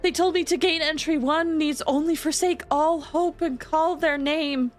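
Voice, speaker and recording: A woman's voice: high voice, fairly even intonation, unhurried, faint music behind, pitched above the performer's own voice. A woman voicing a devout young female acolyte who speaks with earnest, fervent reverence.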